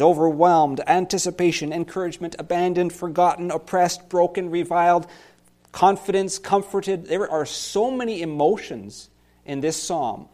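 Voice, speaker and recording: A man's voice: on the high side, a little mellow. A man preaching a sermon as pastor, earnest and a little self-deprecating.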